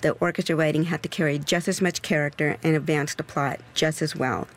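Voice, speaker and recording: Enthusiastic composer being interviewed. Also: mid-range voice. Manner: enthusiastic, expressive, speeds up and slows down. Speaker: opera composer. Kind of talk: interview answers.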